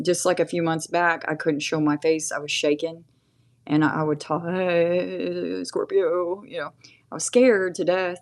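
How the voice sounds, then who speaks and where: A woman in her forties chatting casually through a live tarot reading, often laughing and thanking viewers. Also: sits low. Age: 40s. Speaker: tarot reader.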